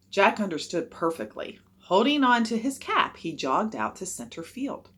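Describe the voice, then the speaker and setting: A woman reading a children's chapter book aloud with expressive narration. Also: low voice, measured pace, few pauses, husky.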